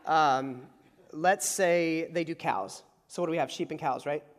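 A male pastor delivers a sermon in a casual, storytelling way, slipping into quick acted-out dialogue. His voice sits high for a man. The sound carries a long reverb from a large church hall. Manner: conversational storytelling, acts out dialogue. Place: church sanctuary.

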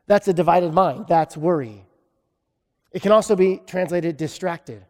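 A man's voice: sits high, measured pace, pauses often, darkish tone, big-room sound. A man preaching a sermon in a conversational way, with self-deprecating humor. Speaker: pastor.

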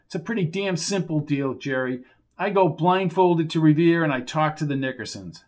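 A man's fairly high voice, with lively intonation and a darkish, natural tone, moves at a moderate pace as he voices an audiobook character. The role is a determined male investigator: blunt, impatient, insistent and plainly exasperated.

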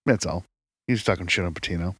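A man's voice: low voice, quick pace, fairly bright tone, husky, dry recording. A man co-hosting a podcast in casual chat, rambling with many fillers and laughing often. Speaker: podcast co-host.

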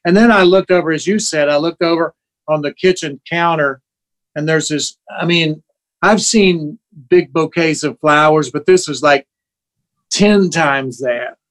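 A man in his sixties spins animated anecdotes as a guest in a casual chat, slipping into the voices of the people he quotes. His voice sits a touch higher than most men's. He turns heartfelt and sentimental as the tales unfold. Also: unhurried. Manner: emotional, sentimental. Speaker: guest musician.

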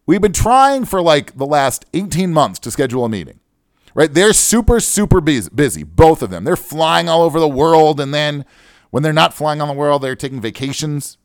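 Wound-up, animated male radio host. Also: on the high side, moderate pace, smooth, dry recording, clean studio sound. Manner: animated, digressive, joking, self-described wound up. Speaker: radio show host, financial adviser. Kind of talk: casual solo radio talk. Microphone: studio microphone.

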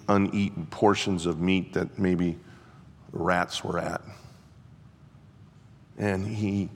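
A male preacher telling a story in a sermon, slow and building to impassioned peaks. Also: deep voice, creaky. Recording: long hall reverb.

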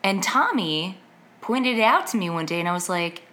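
A woman's voice: fairly low pitch, very animated, moderate pace, fairly bright tone. Chatty young woman podcast co-host. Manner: chatty, rambling, fond of repeated yeahs. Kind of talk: casual chat.

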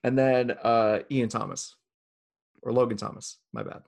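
Gravelly man hosting a chat. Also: mid-range voice, moderate pace, darkish tone. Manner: playful, teasing, runs the list. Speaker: podcast host. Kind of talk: casual fantasy football chat.

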